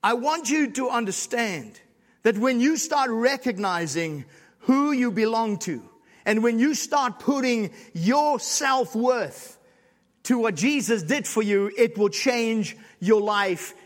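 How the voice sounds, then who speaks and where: A man pastor preaching a sermon, repeating emphatic lines and rising to shouts. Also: high-pitched, expressive, slow pace. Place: church sanctuary. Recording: long hall reverb.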